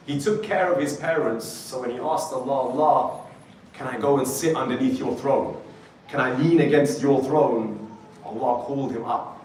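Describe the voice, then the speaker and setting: A man's voice: medium pitch, darkish tone, a little hiss or hum. A man giving a storytelling sermon at a youth gathering, retelling stories and speaking straight to his young listeners. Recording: very echoey hall, voice from a distance.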